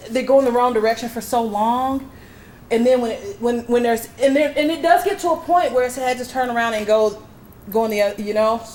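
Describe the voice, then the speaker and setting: A woman works as a medium, giving a live reading at an expo with a handheld mic. She sounds reassuring and emphatic and punctuates her talk with breathy exclamations. The faint hum of the hall sits behind her at a middling pitch.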